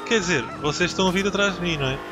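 A man's voice: high-pitched, racing. A man with a European Portuguese accent hosting a gaming channel, chatting and swearing casually as he reacts to the game. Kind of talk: casual let's play commentary.

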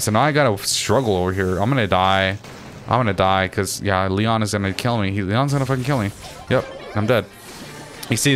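A man's voice: fairly low pitch, a bit bright. A young man commentating his own game as he plays, ranting and swearing nonstop about the other players. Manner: swears constantly, ranting and complaining. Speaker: gaming channel host. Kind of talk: frustrated gameplay commentary. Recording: faint background noise.

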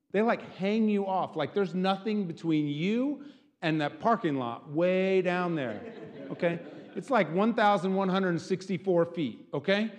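A man preaching as pastor, animated, often checking in with the congregation with a quick "right?". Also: on the high side, long reverb tail. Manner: animated, keeps asking "right?". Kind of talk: sermon.

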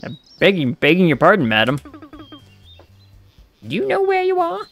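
A streamer voicing a genteel old woman who keeps the woods in a video game, in a high, fluttery old-lady voice. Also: huge pitch swings, moderate pace, fairly bright tone, soft background music. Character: chirpy old woman forest keeper. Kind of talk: reading game dialogue aloud.

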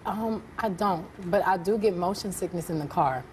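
A woman answering as a guest on a talk show, soft-spoken and giggly with hesitant fillers. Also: on the low side, normal speed. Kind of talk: casual interview answers. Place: TV studio with live audience. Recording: studio audience and background noise.

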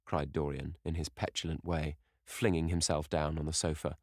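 A man narrating a classic novel as an audiobook reader in a measured, even storytelling manner. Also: extremely low pitch, no echo, studio quality.

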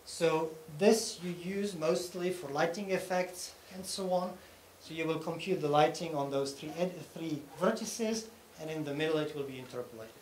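Hardly pausing, a conference speaker talks at a normal speed in a fairly high voice with a darkish tone. His technical talk moves step by step with frequent audience check-ins, recorded in an echoey hall with faint room noise.

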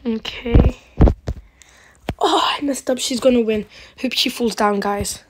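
Woman gaming host, fairly high voice, slow casual commentary, chatty and dramatic with viewers. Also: slight background noise.

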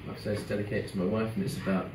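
A man's voice: fairly low pitch, flat delivery, rapid-fire, noisy background. A singer-songwriter chatting and joking easily with his audience between songs at a live club gig. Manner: easygoing, joking banter with the audience. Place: live music club, on stage before an audience. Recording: roomy live club sound, distant mic, loud guitar.

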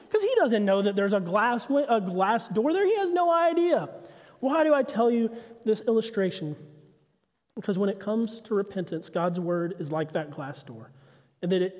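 Male pastor, 30s, high voice, lively story-driven sermon in a reverberant sanctuary. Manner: animated storytelling, acts out his son's confused voice. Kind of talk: sermon with personal stories. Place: church sanctuary.

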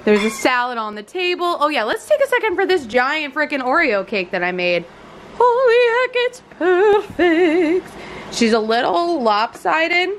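A woman's voice: high voice, big pitch swings, moderate pace, hardly any pauses, fairly bright tone, slight background noise. A woman filming a casual home vlog in her family kitchen, playful and chatty, dropping into silly voices now and then. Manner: playful, slips into silly voices and put-on accents. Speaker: vlogger.

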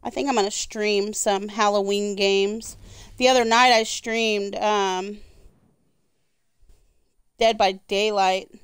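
A woman's voice: medium pitch, fairly even intonation, slow pace, long pauses, clear, resonant tone, dry recording. A middle-aged woman streaming a video game, chatting casually, swearing freely and now and then singing along. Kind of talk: casual gaming livestream chat.

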